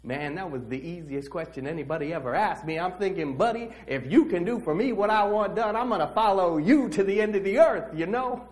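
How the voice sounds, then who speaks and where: A man's voice: sits high, a little fast, hardly any pauses, close to an everyday voice. A man playing Bartimaeus, brash streetwise beggar. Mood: excited. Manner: slangy, animated first-person storytelling. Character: streetwise blind male beggar, brash and eager. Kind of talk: dramatic monologue in a church service.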